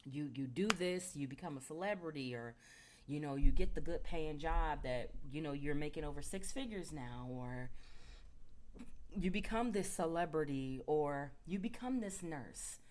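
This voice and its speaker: Low-voiced chatty woman storyteller. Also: animated, moderate pace, slight background noise. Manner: loose, filler-heavy, chatty. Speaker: spiritual speaker. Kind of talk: casual storytelling talk.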